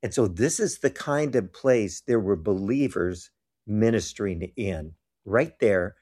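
A man's voice: fairly low pitch, animated, a little slow, a little mellow. Earnest storytelling man. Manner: acts out quoted voices, earnest and emphatic. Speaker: guest telling ministry stories. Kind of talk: animated storytelling interview.

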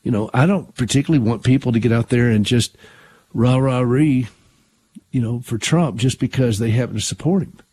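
Older male talk host, husky, conversational, stops and restarts his thoughts. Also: mid-range voice, quick pace, few pauses, warm tone. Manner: earnest, conversational, with frequent restarts. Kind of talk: conservative Christian talk radio.

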